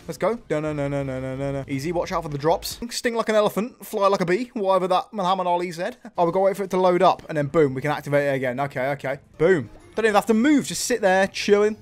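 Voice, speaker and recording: A young man doing loud, jokey let's-play commentary, excitable and full of swearing and banter. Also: high voice. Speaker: gaming YouTuber.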